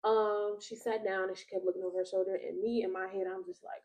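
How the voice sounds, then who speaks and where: A woman's voice: medium pitch, fast, dull audio. A young woman hosting a faith podcast, telling a personal story in casual chat and acting out the quotes. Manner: animated storyteller, acts out quotes. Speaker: podcast host.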